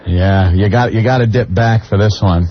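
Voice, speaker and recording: A man's voice: fairly low pitch, moderate pace, slight background noise. A man co-hosting a radio show, bantering casually in a sardonic, mocking way. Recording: dull lo-fi radio broadcast.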